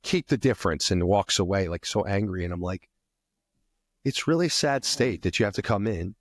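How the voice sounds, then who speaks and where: A man co-hosting a podcast, telling animated stories in casual chat and acting out the people in them. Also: low-pitched, moderate pace, no echo. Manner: animated storyteller acting out customers. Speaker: podcast co-host.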